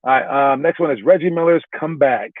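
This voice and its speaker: A man's voice: a little high, quick pace, no echo. Man talking hoops over a tinny line. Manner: loose, talky, frequent restarts and "all right". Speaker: basketball trainer. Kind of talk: casual explaining and ranking. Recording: tinny phone-like dry sound.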